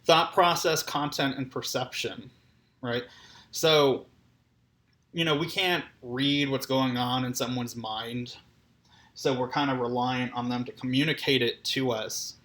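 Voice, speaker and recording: A man's voice: medium pitch, a bit bright. A man giving a conversational lecture on clinical assessment, often checking in with "right?". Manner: conversational, keeps asking "right?". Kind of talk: recorded lecture.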